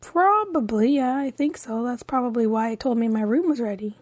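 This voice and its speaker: Chatty higher-voiced woman podcast co-host. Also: fairly quick. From Canada. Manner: chatty, laughs often, trails off mid-sentence. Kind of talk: casual chat.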